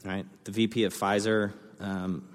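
A young man preaching a sermon as a pastor, telling a story with lively energy and acting out the voices of the people in it. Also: fairly low pitch, unhurried. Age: young adult. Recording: long hall reverb.

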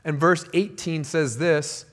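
High-voiced pastor, earnest and emphatic. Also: male voice, fairly even intonation, takes it slowly. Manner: earnest and emphatic, repeating key phrases. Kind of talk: sermon.

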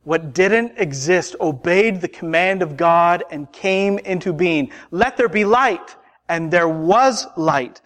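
A man preaching a sermon, emphatic and deliberate, building through repeated rhetorical questions. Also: on the high side, a bit bright, in a large hall.

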